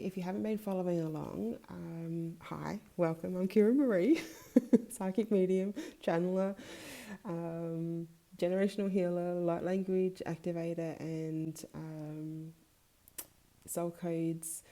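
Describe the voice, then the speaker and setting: Slow, soft-spoken woman podcast host. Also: sits low. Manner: hesitant, with frequent filler sounds; heartfelt and confiding, laughs often. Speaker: podcast host and spiritual coach. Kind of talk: casual personal podcast monologue.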